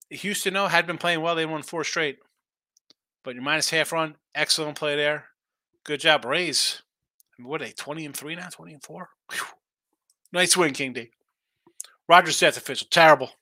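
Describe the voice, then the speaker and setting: A man's voice: on the high side, moderate pace, long pauses, pushed and bright, dry recording. A middle-aged man hosting a live sports betting show, rambling through his picks and trash-talking teams.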